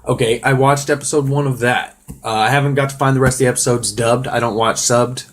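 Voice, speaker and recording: A man's voice: mid-range voice, fairly even intonation, fairly quick. A man hosting a casual podcast chat, easygoing, self-deprecating and swearing freely. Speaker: podcast host.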